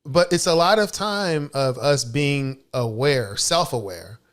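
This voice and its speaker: A man, a guest speaker and father, giving calm advice through a personal anecdote with acted-out dialogue. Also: medium pitch, takes it slowly. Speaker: guest speaker and leadership coach. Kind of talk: storytelling advice.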